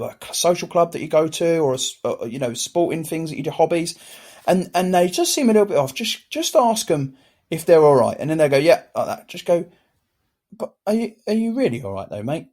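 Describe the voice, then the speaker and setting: A British man co-hosting a casual podcast chat, acting out little everyday exchanges as he talks. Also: fairly high pitch. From United Kingdom. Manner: animated, acts out little exchanges. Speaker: podcast co-host.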